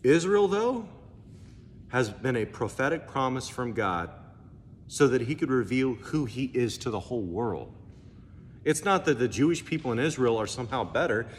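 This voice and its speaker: A man's voice: mid-range voice, moderate pace, slight background noise. A male pastor from the United States preaching a sermon, telling stories and acting out the dialogue. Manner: animated storytelling, acts out dialogue. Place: church hall. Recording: echoey hall, faint ambience.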